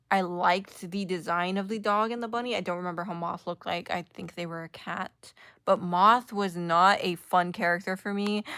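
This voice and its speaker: A woman's voice: mid-range voice, a bit bright, no room sound, clean studio sound. A young woman giving a sarcastic, casual commentary rant full of filler words. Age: young adult. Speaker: commentary YouTuber.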